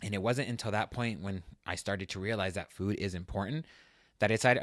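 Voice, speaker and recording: Guy w a lowish voice giving a heartfelt fitness pep talk, gets fired up, dry close sound. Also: fairly quick, dry recording. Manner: earnest and emotional, gets loud and worked up retelling a struggle. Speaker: fitness podcast host. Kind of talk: personal motivational talk.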